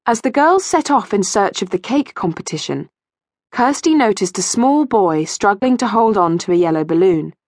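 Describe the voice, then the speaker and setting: A woman reads a children's story in an expressive, animated way. Her voice sits in a middle pitch, recorded dry and close in a studio. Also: moderate pace, no room sound. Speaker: audiobook narrator. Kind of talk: scripted narration for children. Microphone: studio mic.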